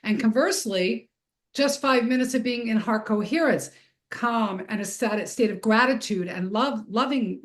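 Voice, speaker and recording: A woman hosts a podcast in a relaxed, conversational manner. She reflects on what her guest says and restates it in her own words. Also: medium pitch. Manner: reflective, sums up the guest's points. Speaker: podcast host. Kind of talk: casual interview talk.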